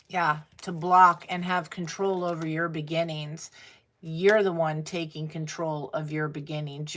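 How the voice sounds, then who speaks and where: A woman's voice: sits low, a bit bright. A woman giving a casual tarot reading, blunt and swearing freely, laughing as she talks. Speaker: tarot reader.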